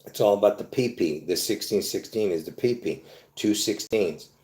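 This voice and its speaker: Talking to viewers from an echoey room, a man with a lowish, mellow voice keeps a moderate pace. He's a video host whose rambling explanation is full of repetition, restarts, and fillers as he insists on what he means.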